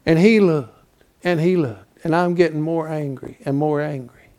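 A man's voice: a little high, moderate pace. A man in his seventies preaching, telling a folksy story with rising animation. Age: 70s. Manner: folksy, animated, builds to loud. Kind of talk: storytelling sermon.

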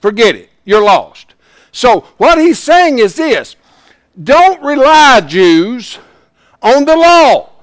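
A man teaching a Bible class in a folksy, plain-spoken way, swinging from hushed asides to loud emphasis. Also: extremely high pitch, very animated, takes it slowly, no echo, clean studio sound.

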